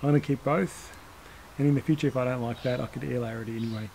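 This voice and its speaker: The recording is very noisy, and the man's mid-range voice is creaky, steady in tone, and quick. Presenting a hands-on bonsai demo on his channel, he chats informally, drifts between thoughts, backtracks to correct himself, and lets out small chuckles.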